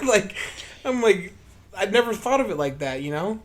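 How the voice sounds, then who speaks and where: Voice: mid-range voice, expressive, normal speed. Rambling, profane podcast storyteller. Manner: rambling, profane, full of fillers; acts out own past remarks in a livelier voice. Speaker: podcast co-host. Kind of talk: casual storytelling chat.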